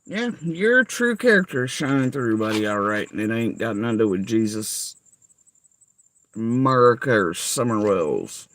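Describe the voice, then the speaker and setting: A man's voice: lowish voice, big pitch swings, moderate pace, a bit bright, poor audio. A man delivering an angry, profane, sarcastic rant straight to someone he calls out. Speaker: vlogger. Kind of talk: angry ranting monologue.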